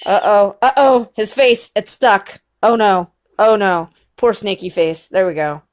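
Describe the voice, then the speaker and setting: A mother reading a picture book with her small child, coaxing and gently teasing. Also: medium pitch, unhurried.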